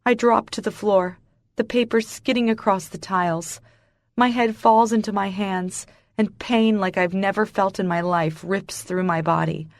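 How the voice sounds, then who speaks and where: Slow, intense woman audiobook narrator. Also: medium pitch, fairly even intonation, dry recording, clean studio sound. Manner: intense, emotional storytelling. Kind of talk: first-person audiobook narration.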